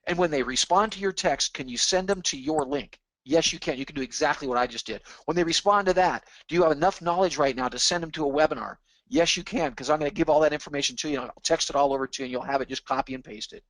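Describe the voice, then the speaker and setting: A man leads a sales training webinar in an eager, pushy way. His voice sits on the higher side and sounds dry and close. He drives each point home by saying it again. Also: animated, quick pace, few pauses, a bit bright, no room sound, poor audio. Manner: pumped-up, pushy, repeats himself for emphasis. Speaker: webinar presenter.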